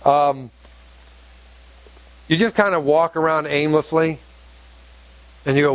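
High-voiced man preaching emphatically. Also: takes it slowly, no echo. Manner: emphatic, repeats phrases and asks the congregation questions. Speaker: pastor. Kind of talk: sermon. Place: church hall with congregation.

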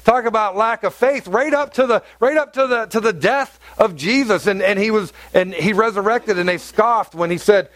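Male pastor, high voice, animated conversational sermon, dry close recording. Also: no echo. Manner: conversational, animated preaching with acted-out quotes.

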